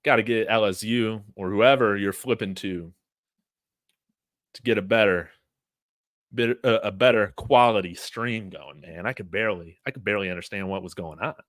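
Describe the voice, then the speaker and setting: A man's voice: on the low side, normal speed, fairly bright tone, no room sound, studio quality. Chatty male sports fan host. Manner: chatty, frequent fillers and restarts; addresses viewers directly. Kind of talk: livestream watch-along commentary.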